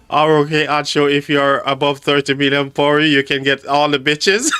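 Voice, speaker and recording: A man's voice: fairly high pitch, big pitch swings, normal speed, sharp tone, clean tone, dry recording, faint music behind. A man hosting a casual livestream, reading chat aloud and laughing often. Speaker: livestream host.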